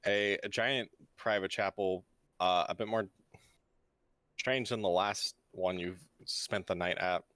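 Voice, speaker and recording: A low-pitched man narrates as game master for an online tabletop session. He lays out grim scenes in plain, descriptive terms and corrects rules in a matter-of-fact tone. The recording is close and dry. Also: steady tone, unhurried, fairly bright tone, no echo. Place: home setup for an online stream.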